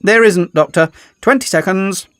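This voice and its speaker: A man's voice: high voice, normal speed, fairly bright tone, no echo, studio quality, soft background music, voice pushed up. A man voicing a spiteful, boastful male villain who taunts his enemies in a sing-song way. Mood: mocking.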